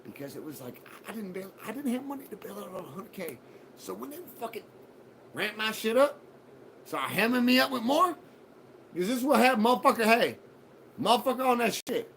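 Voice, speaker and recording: A man hosting a live show, telling a personal story in a profane, animated way and acting out what others said. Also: high-pitched, a little fast, vocal fry, slight background noise. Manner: profane, animated retelling with acted quotes. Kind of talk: casual storytelling.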